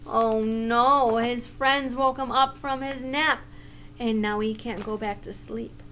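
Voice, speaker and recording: A woman teacher reading a picture book aloud to children in a gentle way, pausing to comment and ask questions. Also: on the high side, steady tone, slight background noise.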